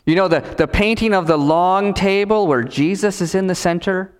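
A male pastor preaching a sermon, emphatic, with repetition and dramatic pauses. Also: high-pitched, clear, resonant tone. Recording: reverberant hall.

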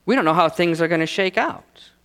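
Animated preacher in a reverberant hall. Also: male voice, fairly high pitch, smooth. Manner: animated preaching, rhetorical questions, dramatic pauses. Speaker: pastor. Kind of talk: sermon. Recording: long reverb of a large hall.

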